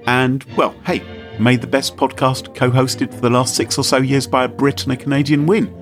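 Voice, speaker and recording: A man's voice: medium pitch, little pitch movement, normal speed, faint music behind. A man from Britain co-hosting a podcast, chatting in a playful, jokey and theatrical way. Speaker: podcast co-host. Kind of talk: casual podcast chat.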